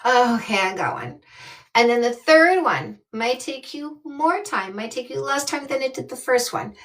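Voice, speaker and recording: A woman's voice: sits high, lively intonation, a little slow, fairly bright tone, low-quality recording. A woman in her fifties from Canada, a dating coach giving blunt, emphatic advice on a live call. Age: 50s.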